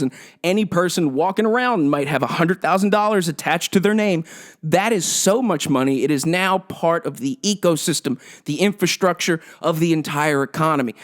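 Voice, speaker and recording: A young man hosting a solo podcast, ranting with sarcastic, profane emphasis. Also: high voice. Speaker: podcast host.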